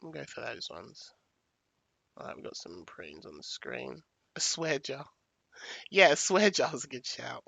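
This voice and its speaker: A woman hosts a livestream in an easy, unhurried way, talking through her slides as she goes. Her voice is bright and forward. The sound is dry and close, with no room echo. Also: extremely low pitch, very animated, vocal fry, slightly rough. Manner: chatty, thanks viewers, thinks aloud while picking graphics. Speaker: livestream host. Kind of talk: casual livestream commentary.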